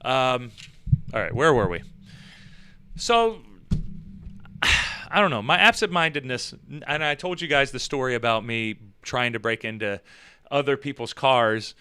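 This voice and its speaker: A man hosting his own show, telling rambling comic stories in a casual, animated way with swearing. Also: fairly high pitch, clean tone. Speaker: show host. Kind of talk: casual comedic storytelling.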